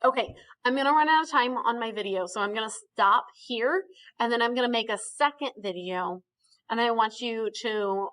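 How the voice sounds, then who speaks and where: In a recorded video, a woman with a fairly high, fairly bright voice teaches a Spanish grammar lesson. She explains patiently, step by step, checking in often with "okay."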